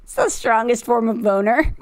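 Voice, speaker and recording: A woman's voice: a little high, moderate pace. A woman streamer chatting casually through a reaction stream, teasing and crude, laughing often.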